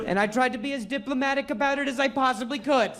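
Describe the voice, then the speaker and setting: On a comedy stage with the audience laughing, a man tells stand-up stories, stuttering and poking fun at himself. He speaks quickly in a very high-pitched voice over crowd noise.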